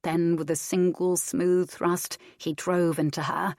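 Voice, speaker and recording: A woman narrating a historical romance audiobook in a steady, even reading voice. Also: lowish voice, unhurried, no echo, studio quality. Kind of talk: scripted narration.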